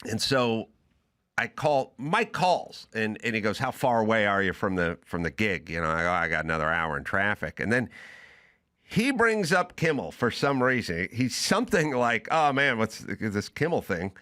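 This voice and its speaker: A man who hosts a talk show and works as a comedian, telling a story in a casual, animated way and acting out both sides of a phone call. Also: lowish voice, moderate pace. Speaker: podcast host.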